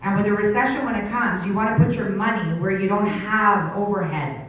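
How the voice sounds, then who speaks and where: Lady in her 60s pitching to a crowd, voice a bit worn out, big booming echo, sounds far off. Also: a little hiss or hum. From Canada. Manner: energetic, rapid questions to the crowd. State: strained voice from shouting. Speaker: sales presenter. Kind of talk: business pitch to a live audience. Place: large room with an audience. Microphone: handheld microphone. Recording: very echoey hall, mic from afar.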